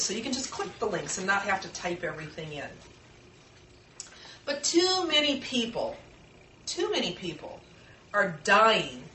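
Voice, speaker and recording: A woman's voice: mid-range voice, fairly bright tone, a little hiss or hum. An older woman presenting an informal workshop, speaking earnestly and conversationally, and acting out the voices of family members. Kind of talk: informal class talk. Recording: echoey room from far off.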